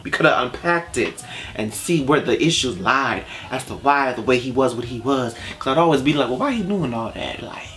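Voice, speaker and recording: Dude w/ doing a chill tv review vlog, talks right at the characters, gets loud. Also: male voice, mid-range voice. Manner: animated, talks straight to the show's characters. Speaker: YouTube reviewer.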